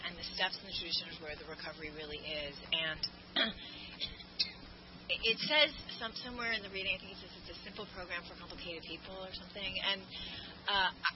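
A woman's voice: fairly low pitch, fairly quick. Candid woman sharing at a recovery meeting. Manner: candid, self-deprecating, rambling with many fillers. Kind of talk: personal share at a twelve-step meeting. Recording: muffled lo-fi recording with background noise.

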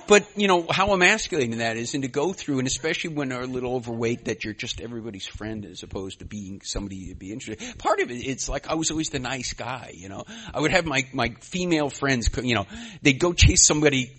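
A man giving a personal share at a recovery meeting, rambling and self-deprecating, with many fillers and sudden loud bursts. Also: mid-range voice, animated, fast talker. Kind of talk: personal share, conversational storytelling.

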